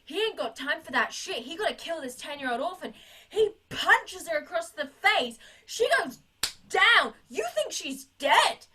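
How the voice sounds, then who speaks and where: A young woman co-hosting a casual film review podcast, recapping scenes with swearing and acting out characters in shouted voices. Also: a little slow, a little hiss or hum. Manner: animated, acts out scenes in high shouted voices, swears freely. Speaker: podcast co-host.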